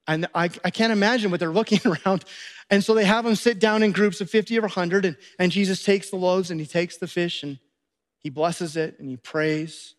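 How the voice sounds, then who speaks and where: A pastor preaching a sermon, retelling a Bible story with lively acted-out dialogue. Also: male voice, high voice, moderate pace. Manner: animated storytelling, acting out disciples' voices.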